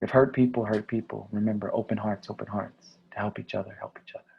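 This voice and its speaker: A man giving a conference keynote speech, energetic and asking the audience questions. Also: fairly low pitch, quick pace, vocal fry, breathy edge, muffled recording. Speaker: keynote speaker.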